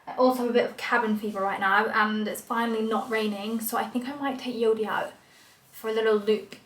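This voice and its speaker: A woman's voice: fairly high pitch, fairly even intonation, a little fast, a bit bright, roomy sound, poor audio. A young woman in casual chat to camera, rambling with lots of "like", filming herself on a phone outdoors on a walk. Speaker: lifestyle vlogger.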